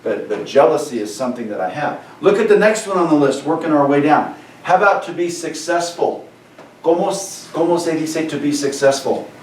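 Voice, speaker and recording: A male Spanish teacher giving a lesson, animated and joking, who keeps repeating key phrases and checking with "right?". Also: a little high, fairly quick, echoey room, distant mic, slight background noise, poor audio. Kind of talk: classroom lesson over a video call. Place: classroom or room with a board.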